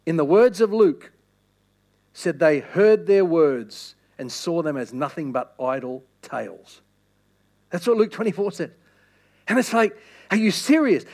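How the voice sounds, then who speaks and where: A male pastor preaching a sermon, emphatic, repeating phrases and restarting lines. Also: high-pitched.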